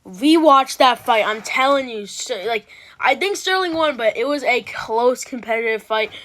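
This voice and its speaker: A woman's voice: fairly high pitch, expressive, moderate pace, a bit bright. A woman hosting an MMA reaction video, talking in a loose, rambling way with restarts and casual swearing.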